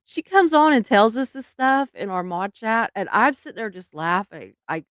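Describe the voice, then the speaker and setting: A woman's voice: on the high side, expressive, normal speed, a bit bright, dry recording, clean studio sound. A middle-aged woman, hosting a casual live stream, chatty and laughing often, trailing off mid-sentence.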